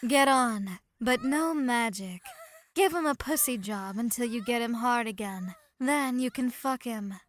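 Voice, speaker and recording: A woman's voice: fairly high pitch, a little slow, slight background noise, close to an everyday voice. Alpha, a bossy dominant woman, voiced by a woman. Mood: commanding. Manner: commanding, firm. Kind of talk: erotic audiobook character voice.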